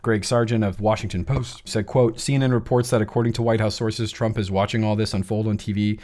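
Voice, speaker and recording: A man co-hosting a political podcast, reading out quotes in a brisk, sardonic way. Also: lowish voice, fairly even intonation, darkish tone. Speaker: podcast co-host. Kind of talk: political commentary chat.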